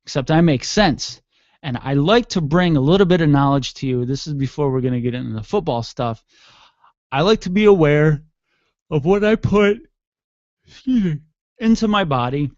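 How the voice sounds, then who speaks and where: A man's voice: a little high, lively intonation, moderate pace, a little mellow, dry recording, dull audio. A man hosting his own internet radio show alone, rambling and joking with mild cursing, yawning and sleepy. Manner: rambling, joking, mildly profane. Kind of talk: casual solo radio chat. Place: home studio room. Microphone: desk mic with headphones.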